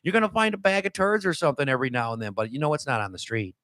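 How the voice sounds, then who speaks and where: A man's voice: medium pitch, very animated, very fast, a bit bright, dry recording. A man in his fifties, born and raised in Detroit, hosting a casual opinion talk show and rambling in a folksy way with lots of "you know" and restarts. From Detroit, USA.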